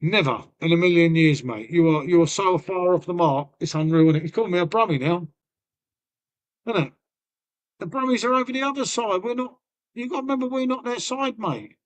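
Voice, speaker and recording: A man with a Lincolnshire accent chats loosely on his own live stream. His voice sits high for a man, and he rambles, swears and calls everyone mate. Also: brisk. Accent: Lincolnshire English. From Lincolnshire, England. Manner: banters with chat, swears freely, trails off; folksy, peppered with "mate" and "innit". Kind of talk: casual live-stream chat.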